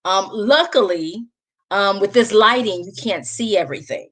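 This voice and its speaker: A woman's voice: medium pitch, normal speed, fairly bright tone. A woman with a Southern US accent hosting a casual live chat, talking straight to her viewers and laughing often. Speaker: livestream host.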